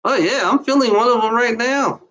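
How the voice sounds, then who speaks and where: A woman with a somewhat high voice talks breathlessly, as if struggling to get air. Her speech comes in halting bursts full of restarts and distress, an unscripted monologue straight to her audience. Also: a bit bright. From Germany. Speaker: channel host.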